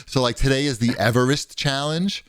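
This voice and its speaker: A man's voice: medium pitch, fairly quick, clean tone, dry recording, studio quality. A man co-hosting a podcast in casual chat, telling long rambling stories and raising his voice when he quotes other people. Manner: rambling storyteller, animated when quoting others. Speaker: podcast co-host.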